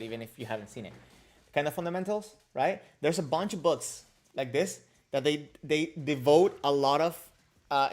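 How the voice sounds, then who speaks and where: A man hosting a casual livestream, answering viewer comments and questions in a rambling, joking way with many restarts. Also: fairly high pitch. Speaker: kendo livestream host.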